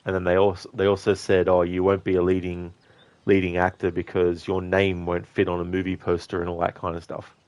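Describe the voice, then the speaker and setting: Chatty Australian man with a low voice. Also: a little fast, dry recording. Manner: chatty and relaxed, with frequent "you know" fillers. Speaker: gaming streamer. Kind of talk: casual gameplay commentary, reading chat.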